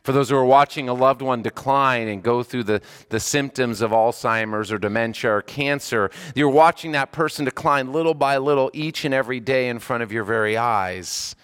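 Middle-aged male chaplain, earnest sermon delivery, halting restarts, mid-range voice. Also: mid-range voice, fairly bright tone, clean tone. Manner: earnest, repeats words and restarts. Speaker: hospice chaplain and pastor.

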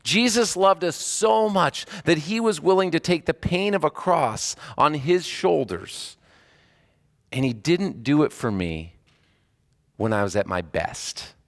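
A man's voice: a little high, animated, unhurried. A middle-aged man, a hospice chaplain and pastor, preaching a sermon in an earnest way, often repeating words and restarting phrases.

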